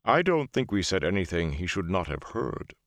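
A man with a low voice voicing a huge, gentle male Ogier in an audiobook, calm and measured. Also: dry recording, exaggerated voice. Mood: calm, thoughtful.

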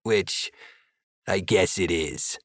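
A man voicing an overeager male wizard who talks overly loud. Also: low voice, drawn-out words, no room sound, clean studio sound, voice pushed down, full character voice. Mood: deflating.

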